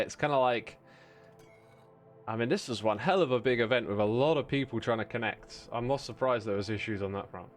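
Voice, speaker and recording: A man chatting casually with viewers while playing on a livestream, rambling and self-deprecating, laughing often. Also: medium pitch.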